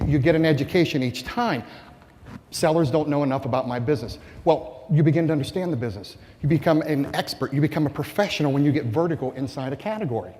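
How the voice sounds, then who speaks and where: Animated keynote speaker in a hall. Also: male voice, fairly high pitch. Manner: animated, rhetorical, asks the audience questions. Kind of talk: conference keynote speech. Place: conference hall. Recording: long reverb of a large hall.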